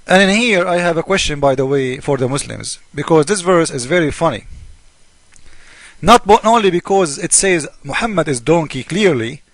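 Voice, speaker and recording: A man's voice: a little high, expressive, normal speed, no echo. A man delivering a polemical monologue as a religious critic, mocking and argumentative, firing off rhetorical questions.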